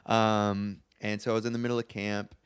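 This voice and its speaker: A man, a guest singer, telling his story in a relaxed, casual way, often saying "like". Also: on the low side, moderate pace, clear, resonant tone. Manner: relaxed, filler-heavy, says "like" often.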